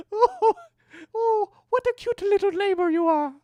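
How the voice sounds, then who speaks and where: A squeaky, doting baby-talk voice, as a man puts it on to coo at a pet, pitched way up above his own range and squealing with fondness. The sound is dry and close, with no room around it. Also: mellow, no room sound.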